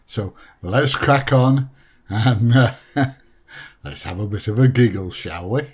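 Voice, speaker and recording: A man's voice: fairly low pitch, slow, a little mellow, breathy edge. An English man hosting a reaction video, talking in a chatty, amused way. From England. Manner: chatty and amused, laughs often. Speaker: host. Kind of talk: casual reaction commentary.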